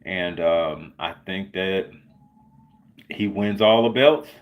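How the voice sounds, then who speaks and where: A man's voice: low-pitched, takes it slowly, narrow, tinny audio. A man hosting his own livestream, talking casually and sarcastically with many filler words. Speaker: livestream host. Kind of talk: casual solo livestream commentary.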